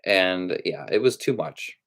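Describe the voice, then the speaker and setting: A young man hosting a casual live-stream about movies, talking in a halting way with frequent restarts. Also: low-pitched, animated, fairly bright tone.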